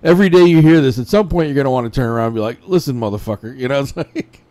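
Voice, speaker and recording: A man from India giving casual, profane reaction commentary, laughing often and clearly amused. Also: medium pitch, rapid-fire, warm tone. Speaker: commentator reacting to a street video.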